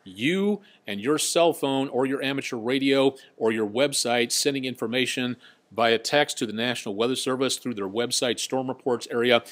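A man's voice: medium pitch, normal speed, fairly bright tone. A man working as a TV meteorologist, hosting a casual live weather blog in a chatty, folksy way and reading out viewers' names. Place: TV station in a downtown area.

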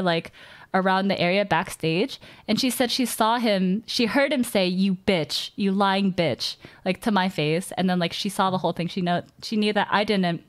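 A young woman streamer telling a long, rambling personal story in casual chat, swearing often and restarting her sentences. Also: medium pitch.

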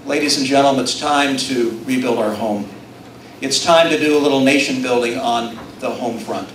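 Here the Utah candidate, a middle-aged man, works the audience at his event with stirring appeals and jokes at his own expense, his medium-pitched voice moving at a moderate pace. Recorded at a distance in an echoey room, the audio carries a little hiss or hum.

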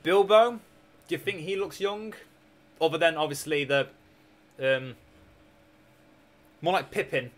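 Here a young Scottish man with a sore throat keeps up rambling, jokey live-stream chat while playing a strategy game, laughing frequently. His voice sits a little high, and he talks slightly slowly with frequent pauses.

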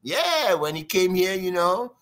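A man with a Trinidadian accent, a guest drummer telling stories in an interview, lively and sing-song, imitating drum sounds. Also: high-pitched, measured pace. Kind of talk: animated storytelling interview.

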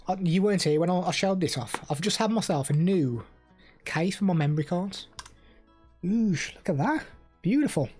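A man's voice: sits high, a little mellow. A young man chatting casually on a live stream, rambling and answering chat messages.

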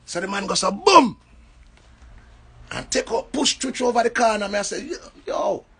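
A man from Jamaica with a Jamaican accent, telling an animated story in casual patois. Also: high-pitched, normal speed, breathy edge. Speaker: entertainer.

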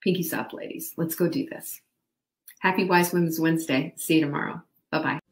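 A woman's voice: deep voice, fairly even intonation, brisk, reverberant. A woman hosting a live online show, giving upbeat motivational coaching and speaking to her viewers by name. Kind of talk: motivational live-stream talk.

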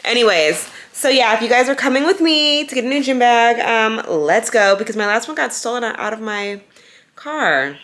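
With a fairly high pitch, lively intonation, and a slightly bright tone, a young woman talks to viewers on a handheld camera. It's casual, upbeat vlog chat full of quick asides, starting at home and moving to the car and a store.

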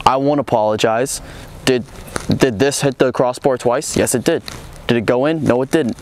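A man co-hosting a sports comedy show with a brash trash-talking delivery. His voice sits at a middle pitch. A faint hiss of noise lingers behind him. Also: normal speed, darkish tone. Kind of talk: sketch comedy and sports banter.

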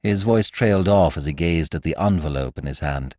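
A man narrating a classic story as audiobook narrator and podcast host, measured and expressive. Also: very deep voice, no room sound, studio quality. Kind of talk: scripted narration.

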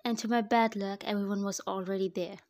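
A woman's voice: medium pitch, steady tone, a little fast, a little mellow. A woman narrating her own fan fiction story in the first person, in a conversational voice-over. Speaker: narrator and author.

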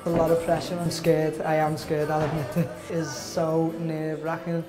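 A young man, an aspiring rapper, talking candidly and chattily to camera, nervous and excited. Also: a little high, normal speed, music in the background, poor audio. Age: young adult. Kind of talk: casual documentary talk to camera.

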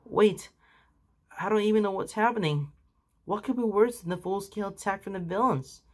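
A man voicing an anxious, earnest teenage boy hero in a fan fiction reading, raising his voice high and strained. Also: normal speed. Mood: panicked.

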